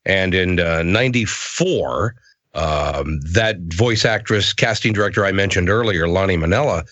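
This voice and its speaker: A middle-aged man, a voice actor, telling stories as a guest in a casual interview, animated and self-deprecating. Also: low-pitched, normal speed, no room sound.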